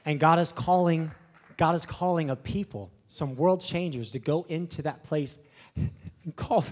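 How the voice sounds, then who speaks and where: A young man, a new pastor, giving an emotional and excited testimony to a congregation, talking casually and swinging from soft to shouting. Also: a little high, normal speed. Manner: casual slang, breathless excitement. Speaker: young pastor planting a church.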